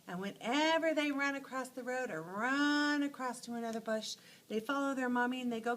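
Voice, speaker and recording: A woman teacher telling short animal stories to teach letter sounds, acting out each sound with lively expression. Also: high voice, normal speed, rough recording. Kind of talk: phonics lesson storytelling.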